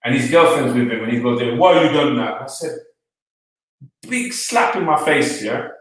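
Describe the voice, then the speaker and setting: A man telling an animated story as an interview guest, acting out the other people's lines in quotes. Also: mid-range voice, moderate pace, distant mic. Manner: retells the scene, voicing each person in quoted lines. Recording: echoey room, speaker off-mic.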